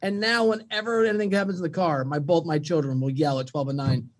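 Higher-voiced guy telling animated stories on a podcast, casual, jumps into little voices for his kids. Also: fast. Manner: lively storyteller, mimics voices in anecdotes. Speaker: guest, sports radio host.

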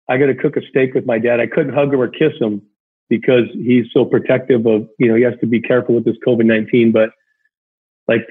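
Husky man telling a story over a phone line. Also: mid-range voice. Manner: emotional, rambling storyteller with many fillers. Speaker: guest, former big-league pitcher. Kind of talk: casual storytelling chat. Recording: tinny phone-line sound.

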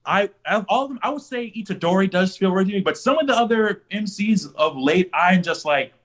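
A man co-hosting a podcast in casual chat, calmly arguing a point. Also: high-pitched, a little fast. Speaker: podcast co-host.

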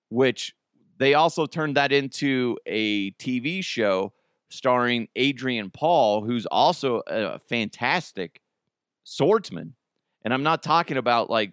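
Guy rambling on his podcast, gets all excited and squeaky on quotes, pretty dry sound. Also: unhurried, no room sound. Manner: rambling, animated, jumps into high excited quotes. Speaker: podcast host. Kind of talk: casual chat.

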